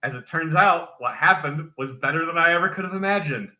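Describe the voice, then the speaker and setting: A male streamer and military veteran telling profane, animated stories in casual chat. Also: a little high, a little fast, narrow, tinny audio. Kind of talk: casual storytelling on a drunkstream.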